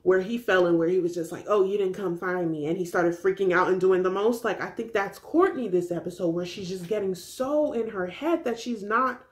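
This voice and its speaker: A young woman talks through a reality show recap in a loose, chatty way. She is animated and keeps a middle pitch. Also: fairly quick, few pauses. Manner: chatty, animated, slips into quoted voices. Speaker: recap vlogger.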